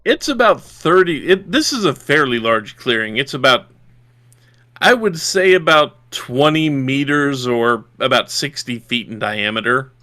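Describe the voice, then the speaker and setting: Bright-voiced man running a tabletop game. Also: medium pitch, lively intonation, a little slow. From Yorkshire. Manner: descriptive, checks rules aloud. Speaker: game master.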